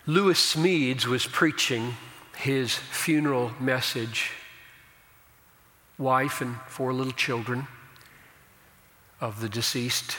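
A man preaching a sermon as a pastor, slow and emphatic, swelling into loud declarations. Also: medium pitch, long reverb tail.

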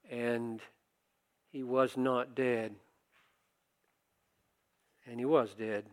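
An older man preaching a sermon, talking conversationally and rising to forceful emphasis. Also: mid-range voice, flat delivery, very slow, pauses often. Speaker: pastor.

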